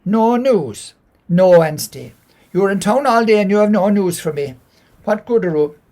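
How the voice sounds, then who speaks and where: A man's voice: sits high, expressive, moderate pace, dark tone, pitched above the performer's own voice. A man putting on a nagging Irish country wife. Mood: scolding. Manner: teasing, nagging questions. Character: kind country wife, scolding husband.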